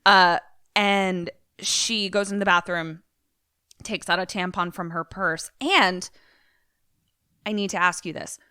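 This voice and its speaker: A woman podcast co-host in casual chat, retelling a film in a profane, animated way. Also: on the low side, slow, pauses often, clear, resonant tone, no echo, clean studio sound.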